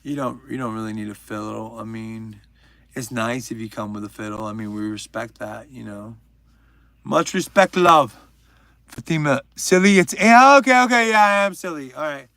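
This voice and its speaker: A man's voice: medium pitch, moderate pace, sharp tone, no echo. A young man hosting a livestream, chatting casually and joking while reading out viewers' names. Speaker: livestream host.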